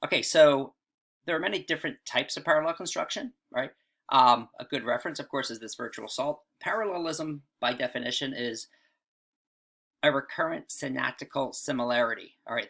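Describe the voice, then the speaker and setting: A man's voice: mid-range voice, moderate pace, creaky, a bit bright. A man teaching writing in a casual video lesson, often checking in with "all right" and "right?".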